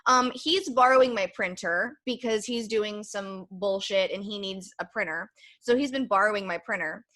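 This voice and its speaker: A woman's voice: medium pitch, normal speed, fairly bright tone. A young woman hosting a podcast, telling a candid, rambling story in casual chat with lots of fillers. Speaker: podcast host.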